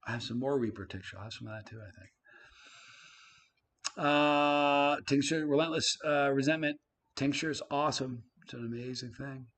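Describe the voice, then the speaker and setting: A man hosting a casual live stream, reading viewer comments aloud, his voice swinging from loud to quiet. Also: mid-range voice, moderate pace, a little hiss or hum. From Canada.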